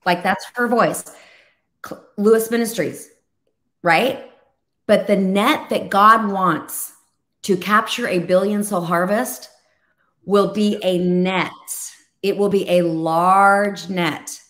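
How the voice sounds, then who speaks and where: A woman who leads a ministry, preaching on a video call and telling stories in an animated way, acting out the voices she quotes. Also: medium pitch, slow. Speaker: ministry leader and co-host.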